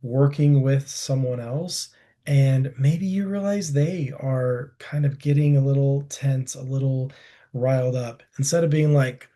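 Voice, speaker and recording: Male webinar presenter, warm mellow tone, easygoing and chatty. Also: mid-range voice, a little slow. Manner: relaxed, conversational, frequent fillers.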